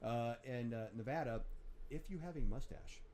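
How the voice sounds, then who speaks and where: A man's voice: mid-range voice, moderate pace, darkish tone, a little hiss or hum. A man co-hosting a casual chat show, rambling as he reads out a list of silly laws. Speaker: podcast co-host.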